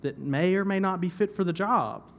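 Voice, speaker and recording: A young man preaches a sermon in church in a high-sitting, creaky voice at normal speed, with a little hiss or hum in the audio. The pastor talks conversationally, repeats phrases for emphasis, and now and then laughs at himself.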